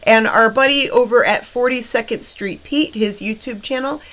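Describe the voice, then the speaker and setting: Chatty woman co-hosting, high voice. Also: moderate pace, fairly bright tone. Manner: chatty, reads movie trivia, laughs often. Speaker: horror movie show co-host. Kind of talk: casual chat with snacks. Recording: faint background noise.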